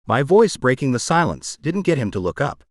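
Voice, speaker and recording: A male narrator reads a first-person audiobook in a wry, conversational way, his pitch rising and falling widely. The recording is close and dry, with no room sound. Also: very animated, brisk, no room sound.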